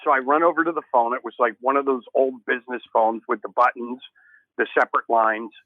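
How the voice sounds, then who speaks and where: A man's voice: mid-range voice, fairly even intonation, fairly quick, dry recording. A man in his sixties, a guest musician, telling stories casually and acting out the voices of people in them. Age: 60s. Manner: casual, swears, acts out voices. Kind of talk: animated storytelling. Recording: narrow phone-like remote line.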